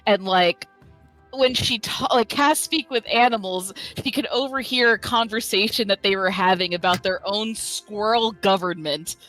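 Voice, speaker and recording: A woman's voice: mid-range voice, moderate pace, fairly bright tone, soft background music, low-quality recording. A woman player chatting casually, telling stories with frequent laughter. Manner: giggly storyteller, laughs between words. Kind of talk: casual chat.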